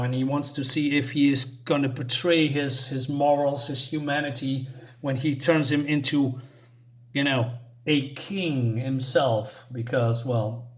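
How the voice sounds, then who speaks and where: Male comic reviewer, casual and halting, mid-range voice. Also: medium pitch, a bit bright. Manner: halting, with many restarts and filler words.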